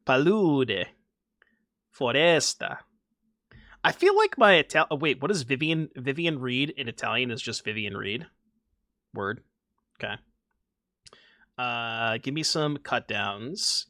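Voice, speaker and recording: Young male streamer, animated, bright voice, dry close mic, self-mocking banter. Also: medium pitch, dry recording. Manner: chatty, self-mocking, talks to chat. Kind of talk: casual gameplay commentary.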